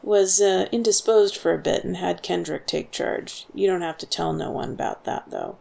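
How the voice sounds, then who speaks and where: A woman voicing a gruff middle-aged male guard who talks in a blunt, slangy way. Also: fairly low pitch, moderate pace, mellow.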